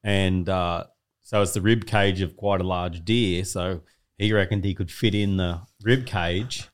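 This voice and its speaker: A man's voice: deep voice, fairly even intonation, a little slow, clear, resonant tone. A man with an Australian accent, a guest bantering bluntly and swearing in casual chat.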